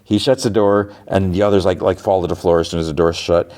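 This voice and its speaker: A man's voice: sits low, steady tone, fast talker, darkish tone. A man hosting a podcast, recapping a TV episode in a loose, rambling way full of fillers and restarts. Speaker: podcast host.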